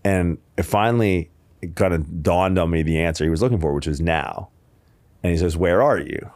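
A man's voice: deep voice, steady tone, normal speed, darkish tone, dry recording. A man, a podcast guest, telling stories in a loose, rambling way, full of fillers and swearing. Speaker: podcast guest, strength coach. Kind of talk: casual storytelling chat.

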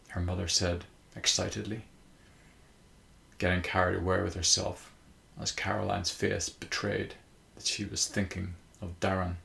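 A man narrating a short story in a measured, even storytelling manner. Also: deep voice, gravelly. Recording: roomy echo.

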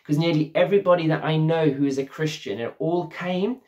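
Storytelling preacher with a slightly high voice. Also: male voice, fairly quick, darkish tone, muffled recording. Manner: storytelling, acts out the characters' lines. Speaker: pastor. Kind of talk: sermon. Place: church, streamed online service.

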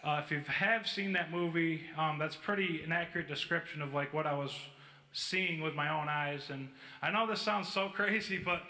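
A man's voice: a little high, moderate pace, bright, forceful tone. A man preaching in a church, telling a story casually with many fillers. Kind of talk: sermon storytelling. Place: church hall. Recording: echoey church hall.

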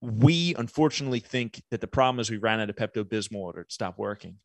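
A man's voice: lowish voice, expressive, fast, no echo. A man guesting on a podcast, explaining ideas thoughtfully with everyday analogies. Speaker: podcast guest, business owner. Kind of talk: reflective conversational interview.

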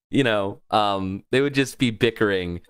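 A man's voice: on the low side, clean tone. A man, a voice actor, chatting casually on a livestream in a playful, rambling way with lots of fillers. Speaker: voice actor streaming.

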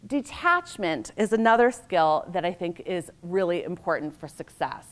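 A middle-aged American woman with a lowish voice delivers a conference keynote at a normal speed, her pitch swinging widely. She tells personal stories conversationally and acts out the voices of the people in them.

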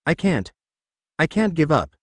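A man's voice: on the high side, very animated, a little slow, no echo, voice pushed up. A man doing a brash, cheerful young hero. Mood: determined. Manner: loud brash.

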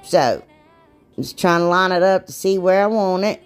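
A woman's voice: lowish voice, normal speed, clean tone, faint music behind. A woman chatting casually through a craft tutorial, rambling and self-deprecating, laughing at herself. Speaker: DIY crafts vlogger.

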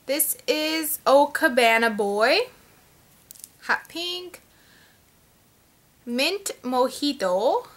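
A woman's voice: high-pitched, animated, drawn-out words, long pauses, fairly bright tone. A young woman chatting at home as a beauty vlogger, showing off her products in a rambling way full of fillers. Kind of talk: casual chat, showing products.

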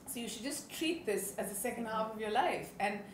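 A woman's voice: fairly high pitch, animated, a little fast. Chatty woman telling stories. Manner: chatty, laughs often, acts out quotes. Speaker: actress, interview guest. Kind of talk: animated storytelling in an interview. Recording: roomy studio with faint background noise.

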